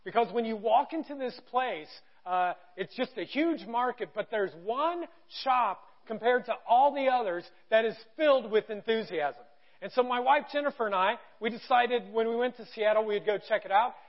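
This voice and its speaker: A man in his thirties preaching a sermon, telling a story with animated quoted voices. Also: very high-pitched, normal speed. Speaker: pastor. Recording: dull lo-fi sound.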